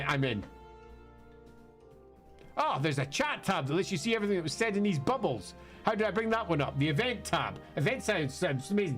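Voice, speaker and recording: A man's voice: on the high side, fairly bright tone. A British man streaming a game, chatting playfully with viewers in self-mocking asides. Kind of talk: let's play commentary.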